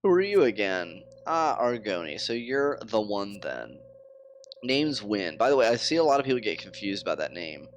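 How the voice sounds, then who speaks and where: A man's voice: fairly low pitch, big pitch swings, normal speed, a little hiss or hum. A man voicing a laid-back male villager in a farming game, dry and offhand.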